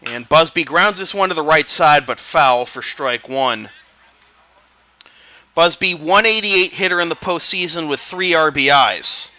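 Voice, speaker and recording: A man calling a baseball game play-by-play, building to excited calls on big plays. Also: fairly high pitch, measured pace, no room sound. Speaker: play-by-play announcer. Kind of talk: live baseball commentary.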